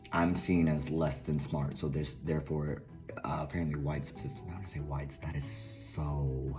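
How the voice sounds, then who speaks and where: A man's voice: rumbling low, darkish tone. A man with a Southern drawl, hosting a channel and casually talking through articles he read, rambling with asides and mutters while speaking to his own camera. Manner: rambling, self-interrupting, drops into asides and mutters. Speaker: channel host. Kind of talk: casual commentary on reading articles.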